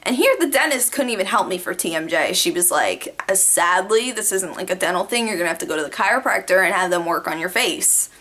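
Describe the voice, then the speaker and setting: A young woman vlogging casually, telling stories to the camera with lots of "like" fillers and animated asides. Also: lowish voice, fairly quick, hardly any pauses. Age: young adult. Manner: chatty, animated, many "like" fillers.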